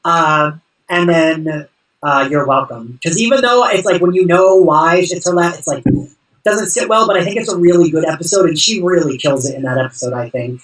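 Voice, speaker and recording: Podcast host telling a story, kinda husky, laid back, lots of likes and ums. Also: mid-range voice, moderate pace, far from the mic, rough recording. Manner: relaxed storytelling, filler-heavy. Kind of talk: casual chat.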